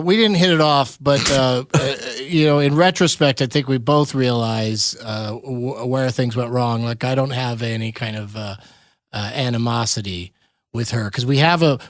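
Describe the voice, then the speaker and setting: A man's voice: medium pitch, dry recording, clean studio sound. A man hosting a podcast, telling stories in a wry, joking way and laughing often. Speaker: podcast host. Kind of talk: casual interview chat.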